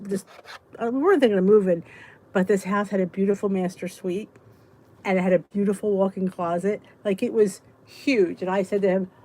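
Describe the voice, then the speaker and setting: A woman's voice: medium pitch, rough recording. Sleepy chatty middle-aged woman. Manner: chatty, joking, breaks into laughs and soft whispered asides. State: sleepy, yawning. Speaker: host of a weight loss support chat. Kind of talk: casual live chat reading viewer comments.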